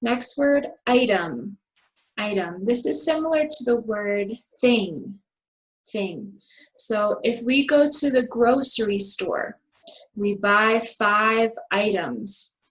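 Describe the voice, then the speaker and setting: A woman's voice: medium pitch, expressive, takes it slowly, low-quality recording. A woman teaching English vocabulary and intonation, modelling example sentences with exaggerated emphasis. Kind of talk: slow, clearly enunciated vocabulary lesson.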